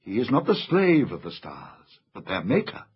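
A man voicing a loyal, courteous male unicorn with gentle, courtly speech. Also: fairly low pitch, wildly swooping pitch, moderate pace, husky, full character voice. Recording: slightly dull lo-fi audiobook recording.

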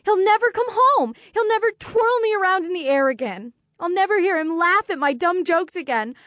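A woman voicing an upset seven-year-old girl who shouts in grief and anger in a children's audiobook. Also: animated, moderate pace, no room sound. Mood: upset shouting. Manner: high, shouting through tears. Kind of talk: audiobook character voice.

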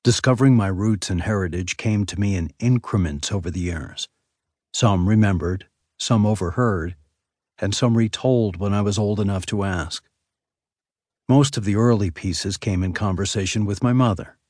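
Man reading a memoir audiobook, lowish, steady, dead-dry studio sound. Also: no room sound. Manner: measured, even storytelling. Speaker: audiobook narrator. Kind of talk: scripted memoir narration. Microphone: close studio mic.

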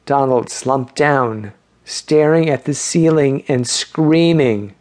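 A man reading an audiobook novel in measured, scripted narration. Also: medium pitch. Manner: measured, even storytelling.

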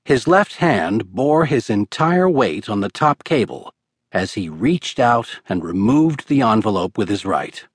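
A man narrating an audiobook in a measured, steady storytelling manner. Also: medium pitch, husky, dry recording, studio quality. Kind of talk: scripted narration.

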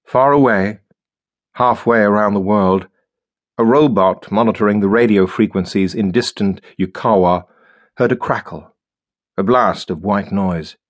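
A man reading a science fiction audiobook in a measured, steady storytelling manner. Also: on the low side. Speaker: audiobook narrator. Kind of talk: scripted narration.

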